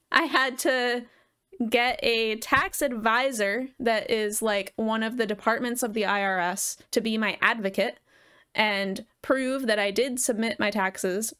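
A woman's voice: fairly high pitch, a bit bright, clear, resonant tone. A woman from the United States, chatting casually as a live game streamer, rambling and laughing often. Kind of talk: casual live gaming chat.

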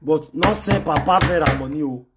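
A man ranting to his fans in an excitable, scolding way, repeating himself and bursting into shouts. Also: fairly high pitch, normal speed, music in the background. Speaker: online personality ranting to fans. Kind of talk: animated pidgin rant.

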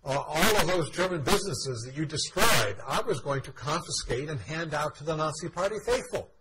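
A man lecturing voices a furious male government minister who berates a colleague with indignant rapid questions, over loud background noise. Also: on the high side, expressive, voice pushed up, lightly acted.

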